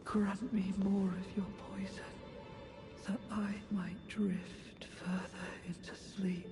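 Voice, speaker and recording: An actor playing a soft-spoken male knight who craves poison and sleep, in whispered role-play with a breathy voice. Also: high voice, little pitch movement, slow pace. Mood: yearning. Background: game music.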